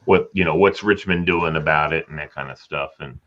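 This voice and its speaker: A man's voice: very deep voice, fairly quick, lo-fi sound. A man hosting a casual group chat, talkative and teasing his guests. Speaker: host.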